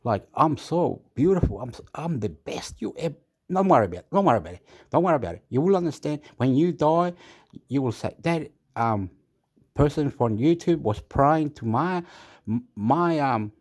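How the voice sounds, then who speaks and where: Man, rambling vlogger, repeats himself a lot, erratic casual monologue, mid pitch. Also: animated, moderate pace. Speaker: YouTube vlogger. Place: Australia.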